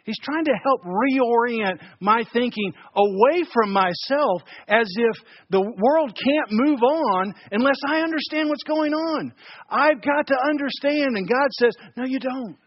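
A man preaching a sermon as pastor, emphatic, dropping loud and soft and repeating words as he builds points. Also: very high-pitched, unhurried, no echo, highs cut off.

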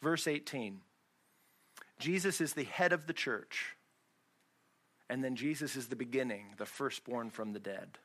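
A man's voice: mid-range voice, measured pace, pauses often, pushed and bright. A man pastor preaching a sermon in a church, conversational and full of rhetorical questions.

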